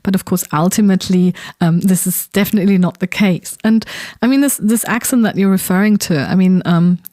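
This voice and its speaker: A woman's voice: medium pitch, brisk, mellow, dry recording, clean studio sound. German-born woman explaining on a podcast. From southern Germany. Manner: thoughtful, explanatory, with ums and repeated words. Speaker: podcast co-host. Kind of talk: casual conversational podcast talk.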